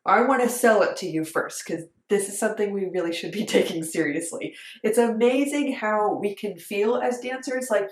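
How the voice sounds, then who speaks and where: A woman's voice: fairly high pitch, expressive, moderate pace, hardly any pauses. A woman who coaches dancers, talking to camera in an earnest, emphatic, conversational way. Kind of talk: direct-to-camera coaching talk. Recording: echoey room.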